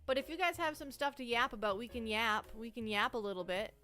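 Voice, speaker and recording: Brief: jittery woman streamer, bright high voice, faint music behind. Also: a little fast. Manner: nervous, rambling, self-interrupting. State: anxious and shaky. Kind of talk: casual live-stream chat.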